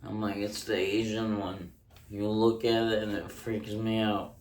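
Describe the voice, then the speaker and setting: A man doing a casual home-recorded ASMR stand-up bit, rambling through deadpan jokes with frequent ums, close on a handheld mic. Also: on the low side, unhurried, slight background noise. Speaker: stand-up comedian. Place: indoors at home.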